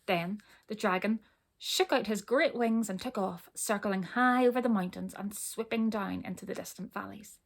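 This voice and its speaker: A woman reading a children's storybook aloud, expressive, pausing to ask her listeners questions. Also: medium pitch, gravelly.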